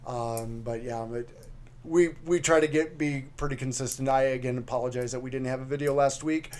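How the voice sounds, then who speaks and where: A man's voice: medium pitch, fairly even intonation, brisk, darkish tone. A man co-hosting a casual comedy show, joking around with his partner. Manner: playful, ribbing his co-host. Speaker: co-host.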